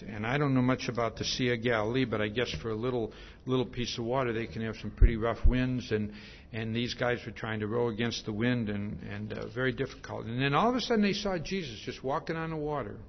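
A man preaching a sermon in a relaxed, conversational way, retelling a story with animated asides and frequent restarts. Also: mid-range voice, fairly quick. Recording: dull lo-fi recording.

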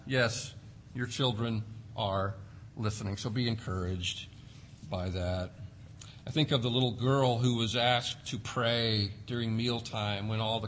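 A man preaching a sermon, swinging between loud emphasis and hushed, quiet drops. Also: mid-range voice, a little hiss or hum. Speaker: pastor.

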